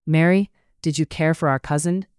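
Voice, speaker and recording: A narrator voicing a spirited young woman heroine in an audiobook, in a measured read. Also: medium pitch, steady tone, darkish tone, clear, resonant tone, no echo, studio quality, natural voice. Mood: curious.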